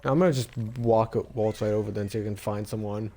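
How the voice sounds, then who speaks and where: A man's voice: fairly low pitch, steady tone, fast, mellow. A man streaming a live game, talking to himself and to the other players in a stop-start, chatty way. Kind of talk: live gameplay commentary.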